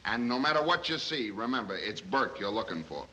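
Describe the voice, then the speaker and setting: A man playing a brash, impatient police inspector in a 1930s film, gruff and wisecracking as he barks orders. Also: on the low side, sing-song, fairly quick, bright, forceful tone, slight background noise, rough recording.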